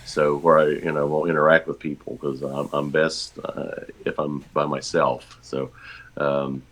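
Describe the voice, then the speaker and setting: Man with an extremely deep voice. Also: little pitch movement, fairly bright tone. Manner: halting, self-deprecating. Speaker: regular guest, blogger. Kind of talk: casual chat.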